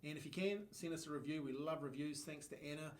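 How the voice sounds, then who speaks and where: A man hosting a business podcast, enthusiastic and quick to agree, often trailing off mid-sentence. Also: a little high, steady tone. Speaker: podcast host. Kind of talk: casual podcast conversation.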